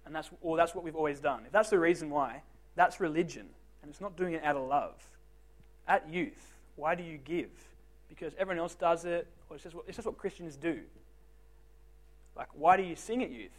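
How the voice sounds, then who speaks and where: A young man, voice a touch high and fairly fast, gives an easygoing talk to a youth group. He's funny and self-deprecating, speaking right to the teens and asking them questions.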